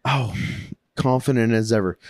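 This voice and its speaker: A man's voice: mid-range voice, moderate pace, darkish tone. A young man telling an eager, rambling story among friends, stumbling and restarting. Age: young adult. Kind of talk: casual drunk storytelling.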